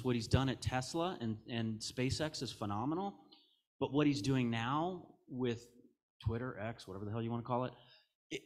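A middle-aged American man giving a conference keynote on stage, candid and jokey, telling stories with quoted asides. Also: mid-range voice. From United States. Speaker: keynote speaker.

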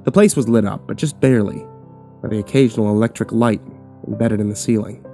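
A man narrating a horror story in the first person with steady, dramatic delivery. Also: lowish voice, brisk, faint music behind. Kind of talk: scripted narration.

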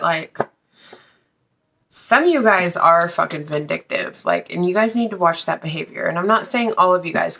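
A woman's voice: lowish voice, fairly bright tone. A woman reading tarot in a casual, blunt way, swearing freely and talking straight to her viewers. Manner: blunt, swears freely, breaks into sung lines. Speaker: tarot reader.

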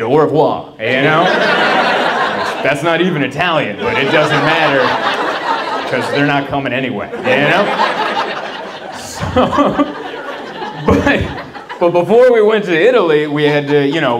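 A man doing a stand-up comedy set in a small venue, rambling and interrupting himself, laughing at his own jokes as the audience talks back. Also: mid-range voice. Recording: live room with loud crowd. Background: audience laughing and talking back.

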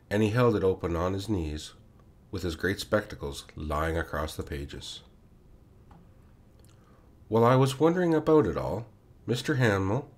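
A man reading a classic short story aloud in the first person, unhurried and expressive. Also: on the low side.

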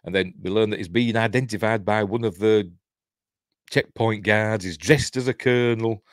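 A man's voice: lowish voice, moderate pace, no echo, clean studio sound. Rambling Yorkshire man, chuckling. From Yorkshire, England. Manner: rambling, chuckling, self-interrupting. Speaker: host. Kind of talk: casual film commentary.

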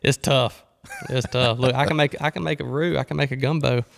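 A man, a podcast guest talking in a laid-back, rambling way and thinking out loud. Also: medium pitch, fairly even intonation, fairly quick, vocal fry. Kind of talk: casual conversation.

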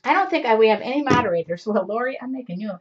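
A woman's voice: on the high side, animated, very fast, slightly rough. A woman in her forties hosting a live craft show, chatting casually and rambling with many fillers. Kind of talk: casual live-stream chat. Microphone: computer mic on a live stream. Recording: dull lo-fi live-stream audio.

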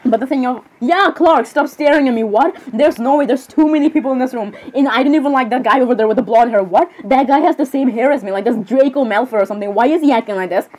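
A woman's voice: high-pitched, fast talker, few pauses, a little mellow. A young woman chatting in character as a cosplayer, rambling and apologizing often between giggles. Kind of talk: in-character cosplay role-play chat.

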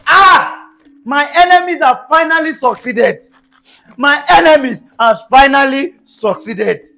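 A man acting a panicked, shouting husband who has lost his car in a comedy skit. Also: high-pitched, big pitch swings, fairly quick, heavily acted. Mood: frantic angry. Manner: frantic, shouting, exclamatory.

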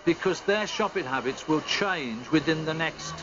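A man's voice: a little high, animated, normal speed. A male market trader speaking earnestly and anxiously in a news interview, repeating words. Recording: dull TV audio with background noise.

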